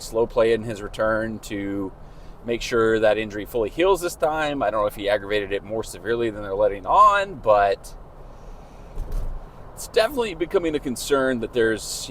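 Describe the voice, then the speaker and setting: A man with a fairly low voice talks casually to his handheld camera outdoors, rambling along with plenty of filler words. The clip is a relaxed match-day vlog, and a faint outdoor hiss sits under his voice. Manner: chatty, rambling with frequent "like" fillers. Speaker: vlogger host. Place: outdoors around town.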